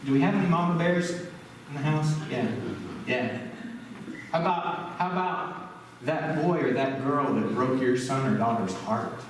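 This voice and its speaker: A man's voice: mid-range voice, a little slow, pauses often, a little hiss or hum. A male pastor preaching a sermon in a conversational way, asking the congregation questions. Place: church sanctuary. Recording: echoey church hall, distant mic.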